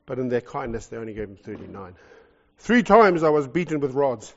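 Animated New Zealand preacher, lo-fi recording. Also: male voice, mid-range voice, brisk, big-room sound. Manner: animated, jokey, swings from loud to soft. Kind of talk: sermon. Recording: lo-fi muffled recording.

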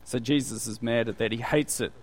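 A man's voice: mid-range voice, steady tone, fairly quick. A man preaching a conversational sermon, full of rhetorical questions.

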